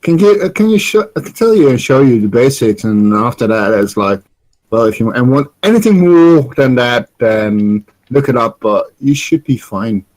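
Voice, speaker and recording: A man in casual chat, calmly explaining streaming software and offering help. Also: mid-range voice, normal speed, low-quality recording. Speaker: helper on a voice call.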